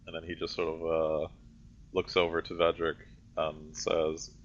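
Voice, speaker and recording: A man runs a tabletop game as game master, narrating with many fillers. His voice is very low and gravelly. The audio is dull and lo-fi. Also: completely flat delivery, fast, a little hiss or hum.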